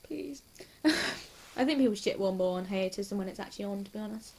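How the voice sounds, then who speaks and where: A young woman chatting casually and excitedly about a TV episode, giggly and hyper, gushing and rambling from scene to scene. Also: mid-range voice, a little hiss or hum. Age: young adult. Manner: hyper, giggly and quick to gush. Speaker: TV reaction vlogger. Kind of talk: casual rambling reaction chat.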